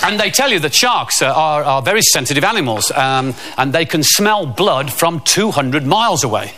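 A man's voice: on the high side, lively intonation, moderate pace, crowd noise, background noise. A middle-aged man telling a rambling, self-mocking comic story.

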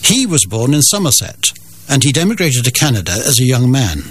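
A man's voice: medium pitch, very animated, fairly quick, a bit bright, breathy edge. An older man from the Scottish Borders, a guest telling family stories with dry, wry humour. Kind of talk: storytelling in an interview.

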